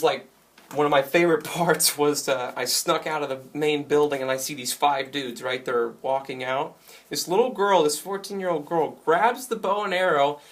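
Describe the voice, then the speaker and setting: A young man casually reviewing a video game, retelling scenes in an excited, rambling way with lots of likes and ums. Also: on the high side.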